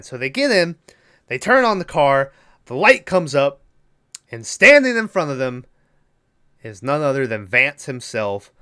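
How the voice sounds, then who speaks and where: On a podcast he co-hosts, a man with a fairly high, sharp-toned voice retells a movie plot in loose, profane banter, acting out the characters' lines as he goes.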